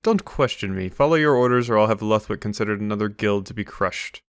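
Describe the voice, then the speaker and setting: A man's voice: lowish voice, a little fast, clean tone, no room sound, lightly acted. A haughty tyrant emperor, voiced by a man reading a game aloud. He speaks in commanding, dismissive orders, with a dry, close sound. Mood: cold. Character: arrogant tyrant male emperor. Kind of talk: voiced game dialogue read-along.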